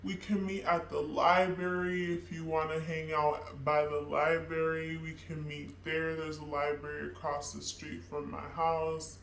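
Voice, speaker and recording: A woman voicing an easygoing young man who slowly suggests meeting up, in a low, flat drawl. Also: gravelly, a little hiss or hum. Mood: casual. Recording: roomy, away from mic.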